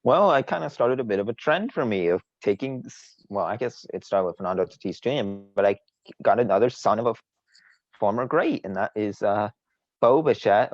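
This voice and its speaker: Man, very low voice, boastful, rambling fantasy sports chat, dull dry audio. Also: dry recording. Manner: boastful, teasing, rambling with restarts. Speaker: podcast co-host.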